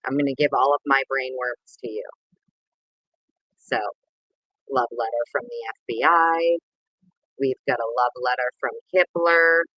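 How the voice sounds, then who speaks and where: A woman's voice: measured pace, long pauses, dry recording, highs cut off. A woman hosting a casual livestream, greeting viewers by name in a playful, sing-song way. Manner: bursts of sing-song and squeaky voices. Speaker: livestream host.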